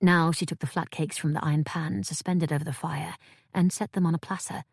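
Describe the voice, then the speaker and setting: Low-voiced woman reading a fantasy novel. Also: steady tone, brisk, creaky, husky, dry recording, clean studio sound. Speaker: audiobook narrator. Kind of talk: scripted narration.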